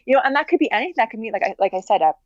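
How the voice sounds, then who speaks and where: A woman guest in a candid personal interview, speaking earnestly in halting restarts and many fillers. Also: a little high, lively intonation, no room sound, dull audio.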